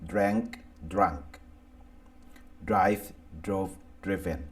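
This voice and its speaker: Slow, gravelly man with a Thai accent. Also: on the low side, very animated, darkish tone. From Thailand. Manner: slow, deliberate, reads word lists aloud one by one. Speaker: English teacher. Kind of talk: slow scripted grammar lesson.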